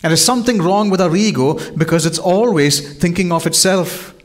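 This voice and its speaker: A man preaches to his congregation, earnest and direct. He keeps posing rhetorical questions to his listeners. His voice sits a bit higher than most men's. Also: normal speed. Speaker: pastor. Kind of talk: sermon.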